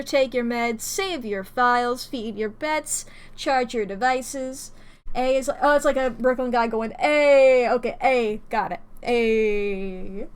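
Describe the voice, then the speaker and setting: Playful high-voiced woman streamer chatting. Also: fairly bright tone. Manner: playful, rambling, laughs often. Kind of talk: casual live-stream chat. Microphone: desk microphone.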